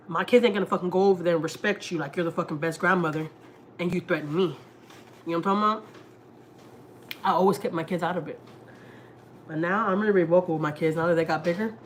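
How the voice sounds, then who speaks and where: A woman's voice: fairly low pitch, slight background noise. A woman, chatting candidly on a family vlog livestream and venting about family troubles, swearing freely. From Houston, Texas. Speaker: family vlogger. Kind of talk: casual live-stream chat.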